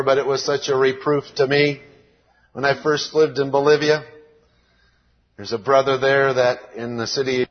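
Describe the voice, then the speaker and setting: American man, sermon, slow earnest preaching, husky voice, lo-fi hall recording. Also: mid-range voice. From United States. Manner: slow, earnest preaching, reading scripture aloud. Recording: dull lo-fi recording with long hall reverb.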